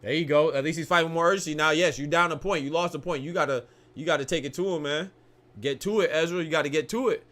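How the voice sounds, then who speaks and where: Calling a boxing match live, this young man talks fast in a voice on the high side. His commentary is casual, slangy and excitable, full of restarted sentences and laughter.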